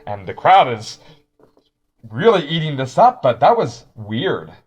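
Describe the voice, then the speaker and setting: A man's voice: on the high side, very animated, measured pace, slightly rough. A man narrating as game master, rambling with frequent restarts. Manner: rambling, many restarts and fillers.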